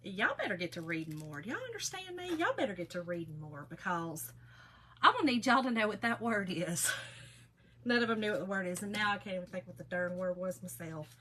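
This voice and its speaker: A woman's voice: medium pitch, sing-song, brisk, a bit bright, slight background noise, rough recording. A middle-aged woman, hosting a casual craft livestream in a folksy, chatty way and greeting viewers by name.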